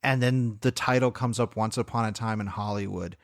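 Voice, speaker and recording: A man's voice: on the low side, fairly even intonation, fairly quick, gravelly, no echo, clean studio sound. A man co-hosting a film podcast, eagerly retelling scenes with frequent laughter. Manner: enthusiastic retelling, laughs often. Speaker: podcast co-host. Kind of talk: casual film discussion.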